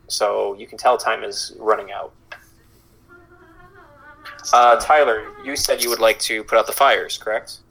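Brief: man game master, casual, halting narration, bright and clear tone. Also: fairly low pitch, fairly even intonation, rough recording. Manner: casual, halting, many fillers.

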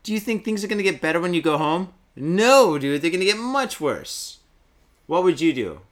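A man's voice: high voice, very animated, moderate pace. A man co-hosting a podcast, reading out news stories and riffing on them crudely with jokes and swearing. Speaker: podcast co-host. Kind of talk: casual chat, reading out news.

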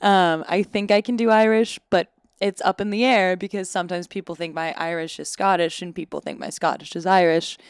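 Woman in her twenties, low-pitched, smooth, dry close sound, chatty interview guest. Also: steady tone, fairly quick, hardly any pauses, no echo. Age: 20s. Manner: chatty and self-deprecating, lots of "like". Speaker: actor guest. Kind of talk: casual interview chat. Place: Los Angeles.

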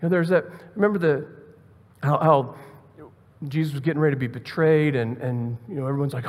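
A man's voice: medium pitch, steady tone, fairly quick, a little mellow, long reverb tail. A man preaching a sermon in a conversational way, repeating words and asking the listeners rhetorical questions. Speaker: pastor.

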